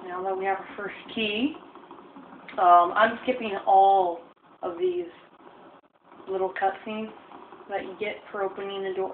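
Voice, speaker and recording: A gamer casually commentating while playing, rambling and hesitant with many pauses and ums. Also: female voice, medium pitch, a little hiss or hum. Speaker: let's play gamer. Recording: tinny phone-like capture in echoey room with game music.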